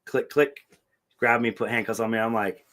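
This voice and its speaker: A middle-aged man tells a story in casual podcast chat, animated and profane, putting on the voices of everyone in it. His voice sits at an ordinary middle pitch. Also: moderate pace. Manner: animated, profane, acts out quoted dialogue. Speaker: podcast co-host.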